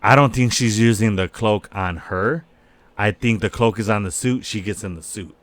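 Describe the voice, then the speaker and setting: A man co-hosting a podcast in casual chat, talking in an animated, profane way and acting out scenes in quoted voices. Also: lowish voice, normal speed, no room sound. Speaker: podcast co-host.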